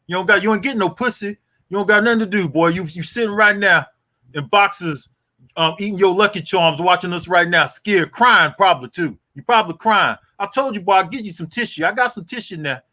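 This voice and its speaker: Taunting profane man with a bright voice. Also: high voice. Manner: taunting, profane, repeats "boy" and "you hear me". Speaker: boxing YouTube host. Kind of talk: heated livestream rant.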